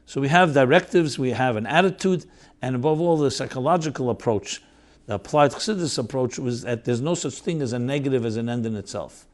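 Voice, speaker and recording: A man's voice: medium pitch, fairly quick. A man hosting and teaching, giving an earnest, explanatory religious lecture that mixes in Hebrew terms and explains each one. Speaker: host and teacher of Chassidic thought.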